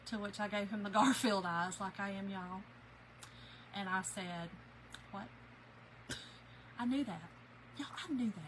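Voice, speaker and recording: Chatty bright-voiced woman. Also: medium pitch, unhurried, pauses often, slight background noise, rough recording. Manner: chatty, animated storyteller, laughs often. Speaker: craft channel host. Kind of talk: casual livestream chat with viewers. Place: home.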